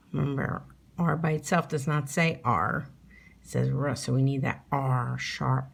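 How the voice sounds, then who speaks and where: A woman's voice: a bass voice, fairly even intonation, unhurried, gravelly, breathy edge. A middle-aged woman teacher leading a phonics spelling lesson for young children at home, patiently sounding out letters and words.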